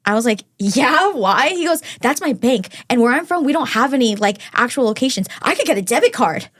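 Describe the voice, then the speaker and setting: A woman's voice: on the high side, a little fast. A young woman, a podcast guest, telling a dating story in casual chat and acting out the quotes. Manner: animated, acts out quotes in storytelling.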